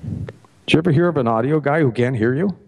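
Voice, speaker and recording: A middle-aged man, a radio host, telling a long joke at a festival stage and acting out each character with sudden pitch jumps. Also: a little fast, vocal fry, a little hiss or hum. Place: festival stage before an audience.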